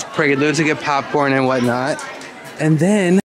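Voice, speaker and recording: A man's voice: fairly high pitch, unhurried, music in the background, crowd noise, rough recording. A man chatting casually while filming a travel vlog on a cruise ship, upbeat and playful. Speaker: vlogger. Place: cruise ship cabin and decks.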